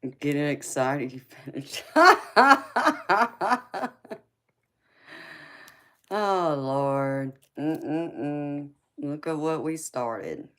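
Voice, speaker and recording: A woman's voice: deep voice, lively intonation, extremely slow, pauses often, fairly bright tone. A woman hosting a tarot live stream, chatting casually with viewers, often teasing and calling them honey, baby and sweetheart.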